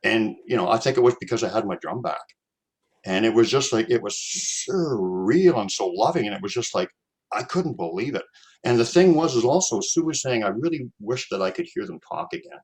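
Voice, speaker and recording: A man's voice: medium pitch, expressive, normal speed. A Canadian man hosting a casual chat, telling a personal story in a rambling way, with repeated words and many fillers.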